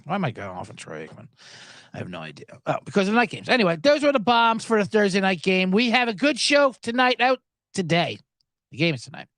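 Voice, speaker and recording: A man with a high, lively voice hosts a betting show, swinging all over his range as he jokes and swears. He rambles and trips over his own words, recorded close and dry with no room sound. It is loose, irreverent podcast talk. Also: quick pace, dry recording. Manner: rambling, profane, jokey; stammers and restarts. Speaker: sports betting podcast host. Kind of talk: casual podcast chat.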